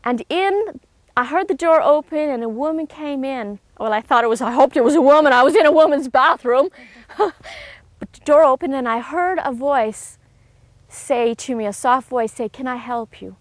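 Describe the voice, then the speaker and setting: Middle-aged woman with a high voice telling her testimony with dry, close sound, earnest and a little halting. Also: no room sound. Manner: earnest and heartfelt, with halting restarts. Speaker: speaker giving a personal testimony. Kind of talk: emotional personal testimony.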